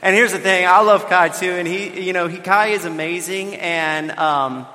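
Animated man preaching in echoing hall. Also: high-pitched, normal speed. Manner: animated storytelling with bursts of shouting. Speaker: pastor. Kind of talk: sermon. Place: church sanctuary. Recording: long reverb of a large hall.

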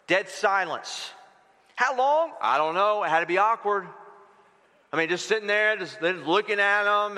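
In a church sanctuary, a pastor preaches with a high-pitched, pushed, bright voice, putting rhetorical questions to the congregation and slipping in humorous asides. The recording carries the long reverb of a large hall.

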